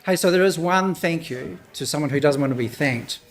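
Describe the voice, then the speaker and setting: Nervous, emotional man giving a gallery speech. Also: a little high. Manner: nervous and halting, with restarts and soft laughs. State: emotional, a little hoarse. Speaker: exhibiting artist. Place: indoor gallery opening.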